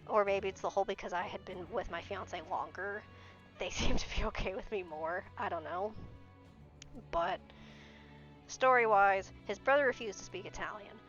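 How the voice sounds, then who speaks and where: A woman's voice: mid-range voice, expressive, normal speed, a bit bright. A young adult woman streamer in casual chat, talking bluntly and swearing freely. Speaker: game streamer. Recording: dull lo-fi stream audio with faint music.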